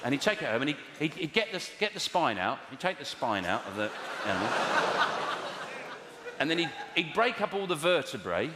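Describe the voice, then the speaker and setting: A man doing stand-up comedy, telling rambling, deadpan stories and bantering with the crowd in a live venue. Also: on the high side, a little fast, heavy background noise. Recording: echoey live venue, loud audience.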